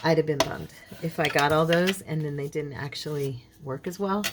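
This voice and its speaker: A woman hosting a casual crafting tutorial, chatting and talking to herself as she works, with a frog in her throat that keeps her clearing it. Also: low voice, normal speed, very noisy. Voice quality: chatty, talks to herself while working. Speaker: craft channel host.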